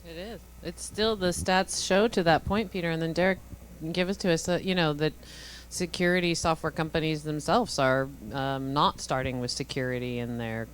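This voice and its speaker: A woman moderating a conference panel, brisk as she hands the turns to the speakers. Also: low voice, steady tone, slight background noise, rough recording. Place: conference stage.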